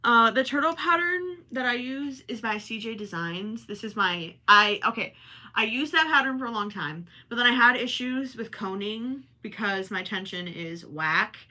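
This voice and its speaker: Streaming casually from indoors at home, this Minnesotan-accented woman reads viewer comments, chats along, and keeps apologizing with self-deprecating humor. She speaks expressively at a moderate pace in a fairly high, pushed, bright voice.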